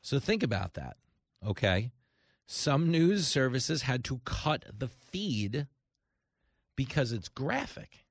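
A man hosting a comedic political talk radio show, talking in an animated way and acting out voices in quotes. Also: mid-range voice, slow pace, gravelly, no room sound, clean studio sound. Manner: animated, acts out voices in quotes, rising to shouts.

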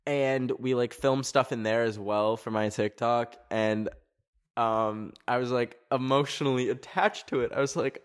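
A man hosting a podcast from his garage, chatting casually and reading listener stories in an expressive voice with sudden jumps up in pitch. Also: measured pace, clear, resonant tone. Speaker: podcast host. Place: hot garage.

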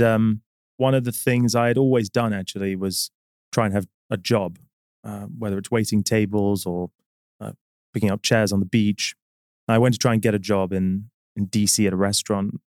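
British male guest, low-pitched and dry-miked, measured anecdotal delivery with frequent hesitations. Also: a little mellow, no echo. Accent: British English. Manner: measured, reflective storytelling with many fillers. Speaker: guest, business executive. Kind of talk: casual interview chat.

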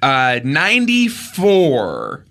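A man co-hosting a comedy podcast, telling absurd made-up stories in a deadpan, straight-faced way. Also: a little high, extremely slow, vocal fry. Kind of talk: deadpan improvised comedy chat.

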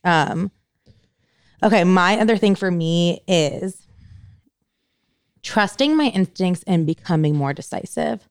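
A young woman co-hosting a podcast, chatting casually and candidly, animated and self-mocking. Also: fairly low pitch, slow, pauses often, dry recording, studio quality. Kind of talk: casual chat.

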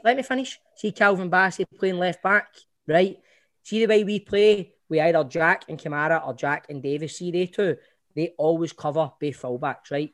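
A man's voice: on the high side, dry recording, clean studio sound. A Scottish man co-hosting a podcast, talking football in a heated, insistent way. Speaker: podcast co-host. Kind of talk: casual football chat.

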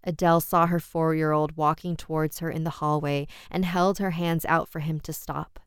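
A woman tells a horror story in a measured, steady voice. Her tone is low and smooth, recorded close and dry with no room around it. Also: no echo. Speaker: narrator.

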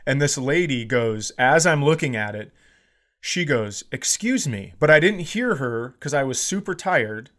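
A man's voice: medium pitch, unhurried. A man in his forties, a podcast co-host telling a funny story in casual chat and acting out the people he quotes. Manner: animated, acts out quoted voices loudly.

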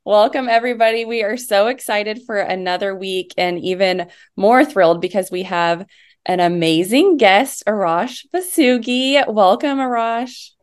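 A woman's voice: mid-range voice, measured pace, clear, resonant tone. Enthusiastic woman podcast host. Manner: enthusiastic, welcoming. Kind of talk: upbeat interview hosting.

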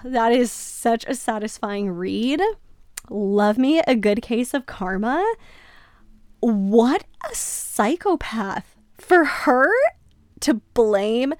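A woman podcast host reads a listener's story aloud on a podcast microphone, then reacts to it with lively, emphatic comments. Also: mid-range voice, no echo.

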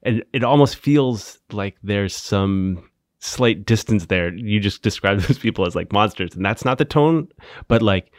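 A man's voice: fairly low pitch, expressive, unhurried, dry recording, studio quality. A man asking casual, thoughtful interview questions, with lots of "like". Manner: casual, filler "like", laughs easily. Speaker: podcast interviewer.

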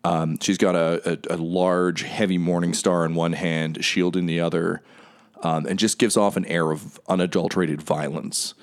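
Game master, male, very low voice, descriptive narration with fillers. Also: flat delivery, normal speed. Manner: descriptive, lots of ums.

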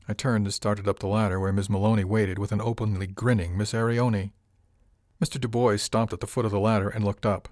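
Low-voiced male audiobook narrator. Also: fairly even intonation, a little fast, darkish tone, dry recording, studio quality. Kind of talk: first-person audiobook narration.

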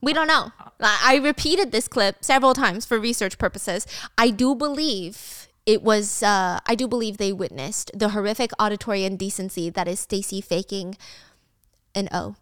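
A woman's voice: medium pitch, moderate pace, fairly bright tone, smooth, dry recording, studio quality. A young woman retelling a drama in a casual, chatty way, with slangy asides and frequent laughs. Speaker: drama recap host. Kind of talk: casual storytelling recap.

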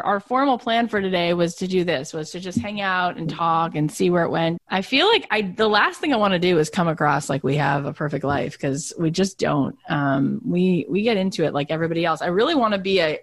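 A middle-aged woman hosting a podcast in casual chat, telling stories and acting out quotes. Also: no echo. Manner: animated storyteller, acts out quotes in high voices. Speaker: podcast host.

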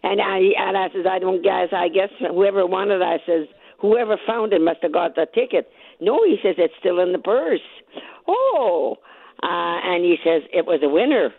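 Raspy lady phoning into the radio, tinny line, dry close sound, retelling everything she said and what he said back. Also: lowish voice, normal speed, no room sound. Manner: excited storyteller, acts out both sides of each exchange. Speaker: caller, lottery winner. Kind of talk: phone-in radio interview. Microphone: telephone.

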